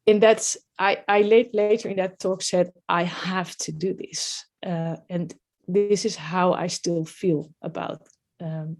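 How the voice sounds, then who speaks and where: A woman's voice: fairly low pitch, fairly even intonation, unhurried, a little mellow. A middle-aged woman with a Dutch accent, speaking as a podcast guest in a reflective, hesitant way with many fillers. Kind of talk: podcast interview.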